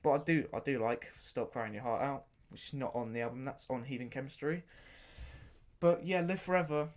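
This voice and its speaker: Hosting his own podcast, a man reviews an album in loose, unscripted conversation, speaking a little fast at medium pitch. His enthusiasm makes him ramble, with frequent repetition and stops to hunt for the right word.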